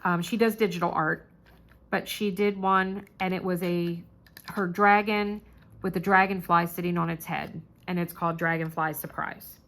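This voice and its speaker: A woman chatting casually to her viewers about crafting kits, bubbly and gushing, squealing whenever she gets excited. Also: fairly low pitch, moderate pace. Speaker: crafting vlogger.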